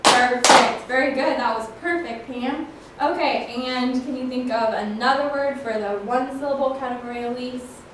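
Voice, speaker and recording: A woman's voice: high voice, normal speed, recorded from a distance. Woman teacher, classroom lesson, encouraging, stretched-out syllable counting, very echoey room, faint background noise. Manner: encouraging, praising pupils.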